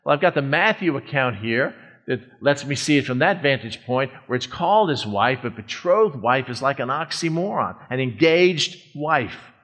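A middle-aged male pastor gives a relaxed, conversational sermon in a church. He slows down and stretches key words for emphasis, with a voice of ordinary, mid-range pitch.

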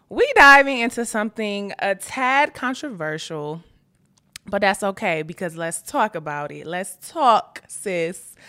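A woman's voice: medium pitch, bright, forceful tone. A young woman, hosting her podcast in a casual, playful chat full of "y'all". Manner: chatty, playful, lots of "y'all" and "child". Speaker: podcast host. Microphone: camera framing, seated host.

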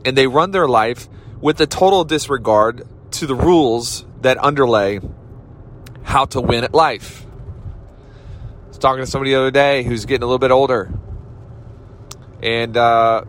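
A man's voice: mid-range voice, normal speed, pauses often, a bit bright, a little hiss or hum. Blunt, fired-up man hosting a podcast. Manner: blunt, casual, fired-up with slangy greetings. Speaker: podcast host. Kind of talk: motivational monologue.

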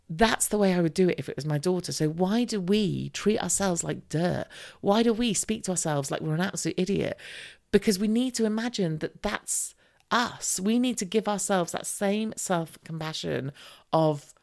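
Low-voiced woman podcaster, chatty advice. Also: lively intonation, normal speed, creaky, a little mellow. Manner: chatty, candid, self-deprecating. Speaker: podcast host. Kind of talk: solo podcast advice talk.

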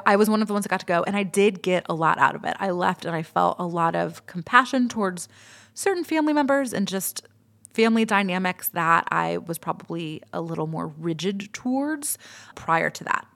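A woman's voice: on the low side, creaky, fairly bright tone. A woman in her thirties, a podcast host, telling a personal story in a candid, chatty way and swearing freely. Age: 30s.

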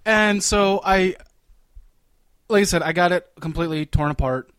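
A man's voice: high voice, normal speed, fairly bright tone, smooth, no echo, studio quality. A young man co-hosting a podcast, telling a family story with lots of laughter and swearing. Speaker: podcast co-host. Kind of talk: casual storytelling chat.

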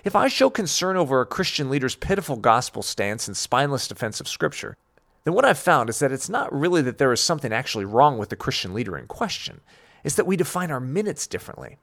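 Man, radio commentary, gravelly voice, lively pitch, earnest and emphatic. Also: fast talker.

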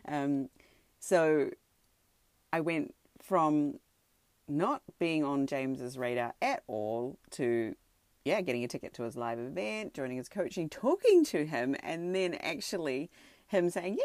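A woman excitedly telling a personal story from home, full of fillers and restarts. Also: low-pitched, a little slow, no room sound. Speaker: podcaster sharing a personal story. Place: home, sitting on a tatami floor.

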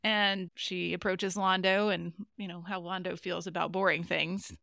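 Chatty woman with a gravelly low voice. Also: little pitch movement, moderate pace, sharp tone, no echo, studio quality. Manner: chatty, giggles often. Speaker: podcast co-host. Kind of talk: casual episode recap chat.

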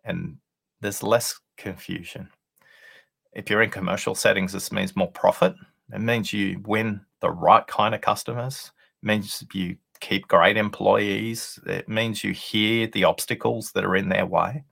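A man being interviewed as a podcast guest, telling a workplace anecdote in a deliberate, conversational way with pauses for effect. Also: fairly low pitch, steady tone, creaky, a bit bright, husky. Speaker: podcast guest, listening expert.

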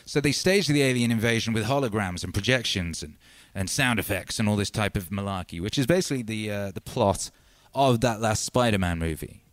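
Man ranting excitedly on a livestream. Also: a little fast, dry recording. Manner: animated, swings from loud shouts to low mutters. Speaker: livestream host and musician. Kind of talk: casual livestream rant.

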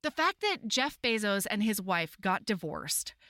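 A woman co-hosting a podcast, recapping a romance novel in casual chat, animated and swearing freely. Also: medium pitch, measured pace, dry recording, clean studio sound. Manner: animated, swearing, acts out quotes. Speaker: podcast co-host.

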